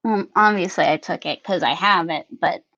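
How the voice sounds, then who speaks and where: A woman's voice: fairly low pitch, pushed and bright, no room sound, pitched below the performer's own voice. Woman playing a sheepish, timid young woman. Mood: uncertain. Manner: hesitant, halting with hums. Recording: slightly muffled recording.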